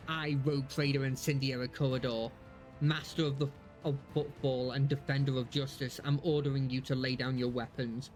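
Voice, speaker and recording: A man's voice: mid-range voice, flat delivery, moderate pace, a little mellow, soft background music, natural voice. A man reading a ruthless woman judge from a game. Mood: commanding. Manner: solemn, formal declaiming.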